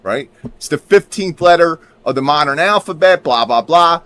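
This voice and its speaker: A man's voice: fairly high pitch, animated, moderate pace, sharp tone, dry recording. A man giving casual commentary while showing his screen; he talks emphatically, swears now and then, and keeps checking in with his viewers. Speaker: video creator.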